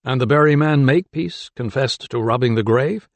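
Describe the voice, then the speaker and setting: A man's voice: mid-range voice, dry recording, natural voice. A man voicing a composed young doctor. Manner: measured and restrained. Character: young male doctor, nervous but composed. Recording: dry close studio sound.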